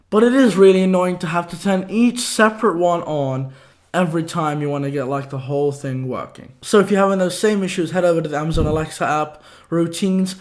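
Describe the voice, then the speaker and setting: A young man with a hoarse voice hosting a casual tech tips vlog, breezy and slangy in quick-fire delivery. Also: fairly high pitch. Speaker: tech video host.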